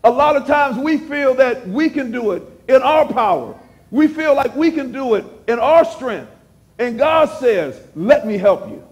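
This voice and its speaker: Man, pastor, sermon, high voice, emphatic repetition, sudden hushed drops. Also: lively intonation, a little slow.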